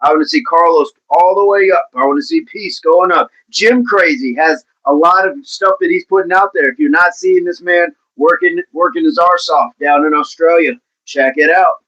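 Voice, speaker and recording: A man hosting a fitness livestream in a casual, upbeat way, chatting and giving playful shout-outs to viewers by name. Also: a little high, moderate pace, muffled recording. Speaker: livestream host of a fitness channel. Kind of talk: casual livestream chat, reading out viewer comments.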